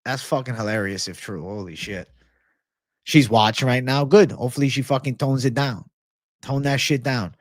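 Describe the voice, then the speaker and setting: A man's voice: medium pitch, moderate pace, no room sound. Livestream host, male, swears constantly, rants, dry booth-like sound. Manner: profane, ranting, reads viewer comments. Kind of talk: casual livestream Q&A.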